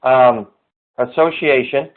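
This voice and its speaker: A man's voice: medium pitch, takes it slowly. A man who trains people in network marketing, walking viewers through a screen-share tutorial with repetitive, urging pep talk. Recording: tinny phone-like audio.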